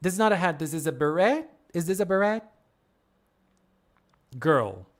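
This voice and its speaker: A woman with a lowish, expressive voice speaks at normal speed as she reviews fan art on a live stream. Her casual talk is effusive, punctuated by frequent exclamations, laughter, and gasps.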